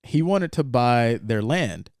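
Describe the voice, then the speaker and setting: A man's voice: mid-range voice, takes it slowly, clean tone, no room sound, clean studio sound. Chatty man retelling a film scene. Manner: rambling, animated retelling with quoted lines. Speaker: podcast co-host. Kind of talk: casual film discussion.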